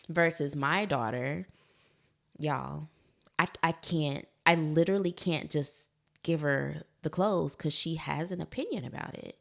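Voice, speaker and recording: A woman. Her voice sits low with a gravelly fry at the edges. She talks to listeners in a relaxed, conversational way and laughs easily. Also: unhurried. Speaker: podcast host, psychologist. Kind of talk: solo podcast talk.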